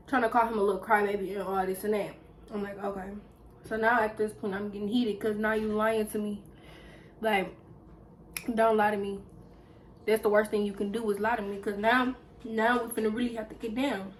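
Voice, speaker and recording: A young woman vlogger, telling a story in a casual, animated way while eating on camera. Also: medium pitch, brisk, a little hiss or hum, low-quality recording. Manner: lively, animated retelling with acted quotes. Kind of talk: casual storytelling during a mukbang.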